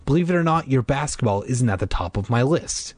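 A man's voice: medium pitch, animated, brisk, a little mellow, no room sound, lightly acted. An impatient father brushes off his kids in a curt, exasperated tone, voiced by a man reading aloud. His intonation swings widely for a storybook parent. The sound is dry and close. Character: busy, impatient father unpacking boxes.

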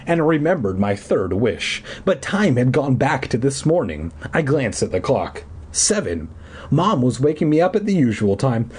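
Husky male reader, animated and mock-dramatic, with jokey asides. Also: medium pitch, normal speed. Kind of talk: comedic reading of a children's book.

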